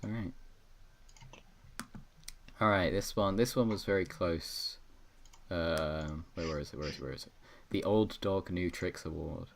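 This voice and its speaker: Deep-voiced young man, rambling podcast host. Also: unhurried, gravelly, long pauses. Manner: rambling, self-correcting, jokey. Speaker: podcast host presenting awards. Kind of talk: casual chat on an online call.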